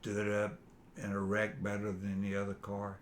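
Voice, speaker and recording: An older man with a drawl speaks in a very low voice, recalling the past in a halting, rambling way with plenty of fillers. A faint hiss of noise sits under the recording. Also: completely flat delivery. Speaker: father being interviewed. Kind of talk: casual family interview.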